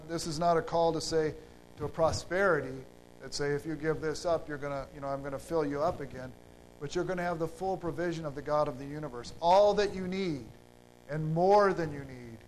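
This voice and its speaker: A man preaching a sermon in an unhurried, halting way, with fillers and restarts. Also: fairly high pitch, slight background noise, rough recording.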